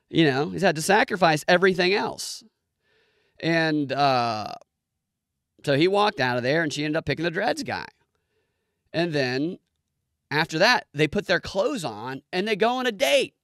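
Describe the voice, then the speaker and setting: A man rants through a comedic review with lively swings in pitch, slightly high for his sex. He swears freely and keeps mimicking the people he describes. The recording is close and dry. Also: a little slow, pauses often, no echo. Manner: profane, animated, mimics people in squeaky voices. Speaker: show reviewer.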